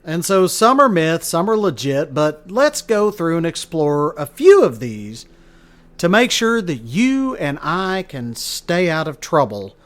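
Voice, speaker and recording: A man talks through a casual solo podcast, rambling from one thought to the next and chuckling as he goes. His voice sits a bit higher than most men's, and he leans on plenty of ums and uhs. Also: big pitch swings, measured pace. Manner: rambling storyteller, chuckling, many fillers. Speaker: podcast host.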